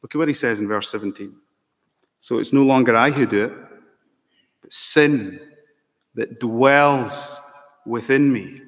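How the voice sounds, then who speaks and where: A man's voice: mid-range voice, unhurried, pauses often. A man preaching a sermon as pastor, earnest, asking the congregation pointed rhetorical questions. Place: church. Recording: long church reverb.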